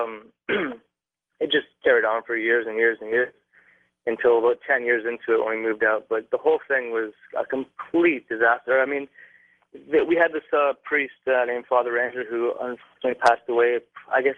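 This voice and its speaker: A man's voice: medium pitch, fairly even intonation, moderate pace, dry recording. A young man from Canada, a radio caller, telling a long story with many fillers and restarts. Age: young adult. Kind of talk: phone-in storytelling. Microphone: phone. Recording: tinny dry phone line.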